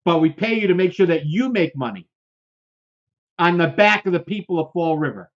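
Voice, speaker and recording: A man's voice: high-pitched, lively intonation, normal speed. A man co-hosting a political commentary show, talking in a fiery, repetitive way full of rhetorical questions. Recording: dull lo-fi sound.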